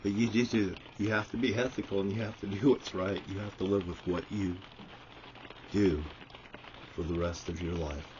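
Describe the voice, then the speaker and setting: A man's voice: low voice, steady tone, normal speed, darkish tone, a little hiss or hum. A man giving an angry, profanity-filled monologue to the camera, ranting and swearing constantly. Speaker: vlogger. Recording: dull lo-fi audio.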